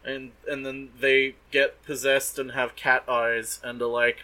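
Podcast co-host, man, bright tone, dry mocking recap style. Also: medium pitch, flat delivery, unhurried, hardly any pauses, poor audio. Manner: sardonic, swears, mock-voices characters. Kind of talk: casual recap chat.

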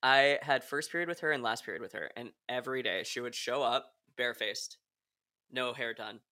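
A man's voice: mid-range voice, moderate pace, bright, forceful tone. A young man hosting a podcast, chatting in a giggly, gossipy way with lots of fillers. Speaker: podcast host. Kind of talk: casual chat.

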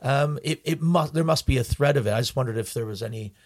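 Hesitant male talk-show host. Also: mid-range voice. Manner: hesitant, halting, with many restarts. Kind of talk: casual chat.

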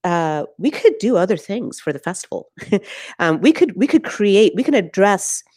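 A woman who works as a festival programmer, answering interview questions thoughtfully and often pausing on "uh" and "um". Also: medium pitch, sing-song, a little mellow, no room sound, clean studio sound. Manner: thoughtful, searching, many "uh" and "um" pauses.

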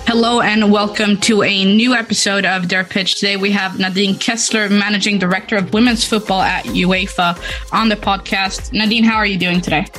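A woman hosting a podcast interview, friendly and quick to laugh. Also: mid-range voice, steady tone, fairly bright tone, faint music behind. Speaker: podcast host. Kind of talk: casual interview.

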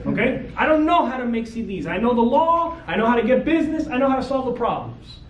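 A male lawyer giving a blunt, animated seminar talk to an audience of realtors, peppered with "okay" and "right". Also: very high-pitched, fast, muffled recording. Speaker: real estate lawyer. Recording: roomy, distant mic with faint ambient noise.

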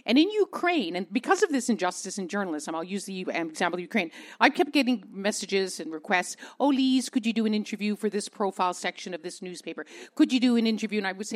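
A Canadian woman journalist telling stories on a panel, expressive, repeating words for emphasis. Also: mid-range voice, quick pace, few pauses. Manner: expressive, repeats words, acts out quoted voices. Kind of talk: animated storytelling on a panel.

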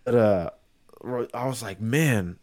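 A man's voice: a little high, sing-song, normal speed. A man co-hosting a podcast, telling a story in casual, profane chat and laughing through it. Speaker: podcast co-host.

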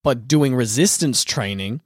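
Animated man with a dry close sound. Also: medium pitch, unhurried, slightly rough, dry recording. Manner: animated, laughing, mock-furious storytelling. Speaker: podcast co-host. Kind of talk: casual chat about gym training.

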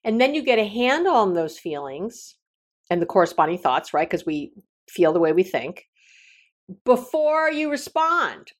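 A middle-aged woman, a relationship coach and consultant, offers advice on a podcast in an unhurried, mid-range voice. She tells stories in an animated way, acting out the quoted dialogue.

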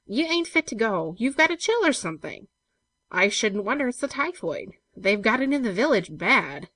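A woman's voice: fairly high pitch, sing-song, normal speed, a bit bright, no room sound, voice pushed up. A woman voicing a frightened young male servant in a told story, pleading and urgent.

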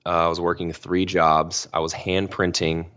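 A man's voice: low voice, flat delivery, moderate pace, fairly bright tone, highs cut off. A young man telling a personal story on a podcast as a guest, casual and slangy, full of "like" and "you know".

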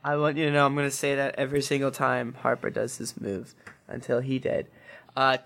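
A player at a tabletop game session describes their character's attacks with a grin. The voice is mid-pitched and bright, with a forceful edge. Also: flat delivery, brisk, gravelly. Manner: joking, acts out own character's lines.

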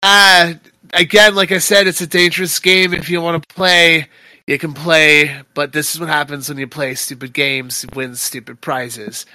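A smug, thin casino boss with a huge grin, voiced by a man at the game table. He taunts in a smooth, forceful voice with a hard, pressed edge. The sound is dry and close, with no room around it. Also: fairly high pitch, flat delivery, moderate pace, dry recording. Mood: taunting.

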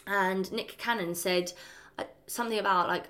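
A woman co-hosting a podcast in casual, animated chat, acting out the voices of people she quotes. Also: mid-range voice, moderate pace. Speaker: podcast co-host.

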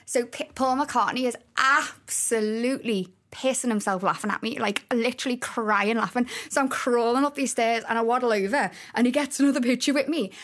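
A woman's voice: on the high side, brisk, hardly any pauses. Laughing Scouse woman telling stories. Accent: Liverpool (Scouse). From Liverpool, England. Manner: lively, laughs often, acts out quotes. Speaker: guest. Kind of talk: casual storytelling chat.

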